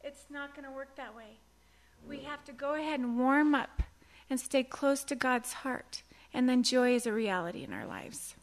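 A middle-aged woman teaching a devotional Bible talk, earnest and animated, telling stories and acting out quotes. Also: high-pitched, normal speed. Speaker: women's Bible study teacher.

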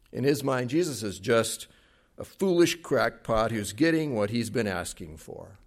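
A man preaching a sermon in an earnest, emphatic way, at times dropping to a hushed tone. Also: mid-range voice, animated, moderate pace. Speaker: pastor.

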